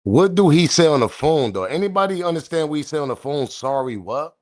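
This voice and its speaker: A man giving casual, animated livestream commentary, repeating himself, swearing and chuckling. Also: fairly high pitch, a little fast. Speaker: online news commentator.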